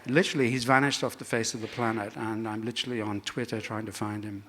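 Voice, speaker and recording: A man's voice: lowish voice, level tone, fast talker, a bit bright, slight background noise. A man telling a personal anecdote on stage as a guest speaker, conversational and self-deprecating, swearing freely as the story builds.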